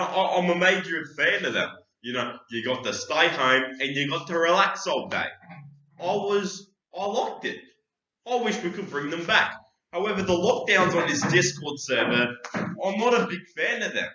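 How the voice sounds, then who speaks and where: A man's voice: on the high side, sharp tone, reverberant, highs cut off, a little hiss or hum. A man co-hosting a comedic podcast, argumentative and rambling. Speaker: podcast co-host.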